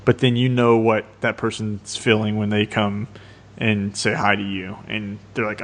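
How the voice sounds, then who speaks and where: A man's voice: fairly low pitch, little pitch movement, moderate pace, vocal fry. A man co-hosting a podcast, chatting casually with rambling, self-deprecating jokes. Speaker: podcast co-host.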